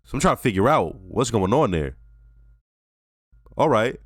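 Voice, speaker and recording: A man hosting a TV reaction channel, giving a casual, animated and profane episode review while talking straight to his viewers. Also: fairly low pitch, a little slow, dry recording, clean studio sound.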